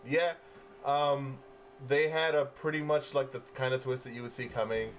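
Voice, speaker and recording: A man co-hosting a casual movie review podcast, relaxed and full of fillers, swearing freely. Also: mid-range voice, normal speed, soft background music. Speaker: podcast co-host.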